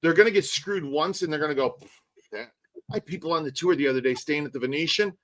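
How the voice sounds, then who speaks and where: A man with a fairly high, fairly bright voice rants at rapid-fire speed on a live stream in a poor-quality recording. A tour guide who also hosts streams, he chats casually but animatedly and swears a lot.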